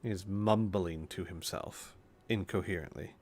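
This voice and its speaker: A low-voiced man narrates and runs a tabletop game at an unhurried, slow pace. He is relaxed, calls for rolls and laughs easily. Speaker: game master.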